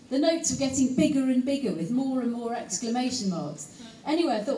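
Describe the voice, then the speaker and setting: A woman, an actress, telling a lively anecdote to a live audience and teasing them with asides. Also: on the high side, a little fast. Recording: echoey hall, voice picked up from a distance, faint room noise.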